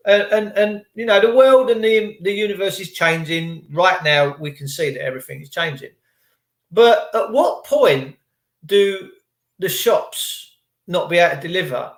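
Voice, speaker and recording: Indignant male vlogger, high-ish voice, rambling rant, echoey room. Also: moderate pace, fairly bright tone. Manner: rambling, indignant, full of rhetorical questions. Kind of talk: ranting commentary to camera.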